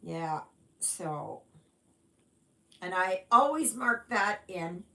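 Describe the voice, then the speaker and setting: Medium in pitch, her voice sounds pushed and bright with lively intonation. This Canadian host runs a casual stitching livestream, greeting viewers through their comments read aloud, chatting unhurriedly and filling gaps with rambling fillers.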